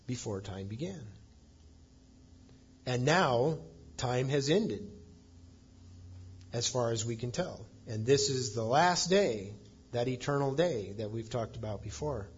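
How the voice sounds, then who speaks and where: A man's voice: medium pitch, slightly rough, lo-fi sound. A man preaching a sermon as pastor, reading scripture aloud and stressing points with emphasis.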